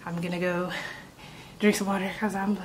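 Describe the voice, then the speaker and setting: A woman's voice: on the low side, level tone, moderate pace, far from the mic, a little hiss or hum, poor audio. A woman vlogging in a chatty, exclamatory way, talking straight to her viewers. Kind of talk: casual chat to camera. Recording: music playing under the voice. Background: spooky background music.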